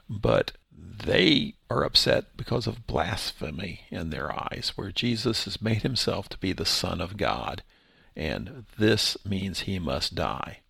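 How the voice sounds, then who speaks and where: A man's voice: on the low side, vocal fry, sharp tone, breathy edge, no room sound. A man who is a pastor and podcast host, reading scripture aloud and then explaining it in a conversational teaching style. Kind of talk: Bible study podcast teaching.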